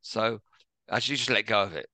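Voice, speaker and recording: A middle-aged man speaks low, with a gravelly rasp and a bright, forward edge to the tone. He talks as a podcast guest, gentle and reflective, poking fun at himself. The sound is close and dry. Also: brisk, dry recording. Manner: gentle, reflective, self-deprecating, many restarts. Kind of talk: relaxed conversational storytelling.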